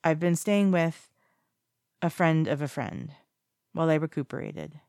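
Cold, polite young man, detached and evasive, gravelly edge, as a reader puts him on. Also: medium pitch, expressive, measured pace, darkish tone, dry recording, studio quality. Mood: careful.

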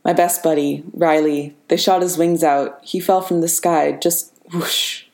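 A woman's voice: low voice, fairly even intonation, a little slow. Sam, a weary soldier hero read by a woman. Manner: quiet, wry and weary. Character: weary, grounded adult male soldier hero. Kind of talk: audiobook character reading. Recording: roomy reverberant room.

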